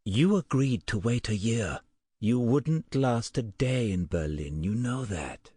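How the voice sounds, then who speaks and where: A male audiobook narrator voicing an anxious woman who pleads with her partner in a hushed voice. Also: mid-range voice, lively intonation, slow pace, husky, no echo, studio quality, voice pushed up. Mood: hushed pleading.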